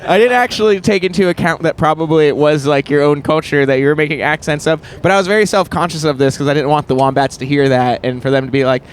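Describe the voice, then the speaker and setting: A man's voice: on the high side, fast talker, hardly any pauses. A man in a band chatting casually in a laid-back, jokey way, full of "yeah, yeah". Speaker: band member. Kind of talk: casual chat. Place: inside a moving van. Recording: faint road noise in a van.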